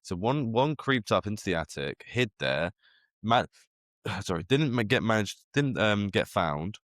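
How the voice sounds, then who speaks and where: A man's voice: fairly low pitch, lively intonation, unhurried, fairly bright tone, no echo, studio quality. A man, co-hosting a podcast and rambling through theories in casual chat, with frequent restarts. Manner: rambling, speculative, full of restarts. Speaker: podcast co-host.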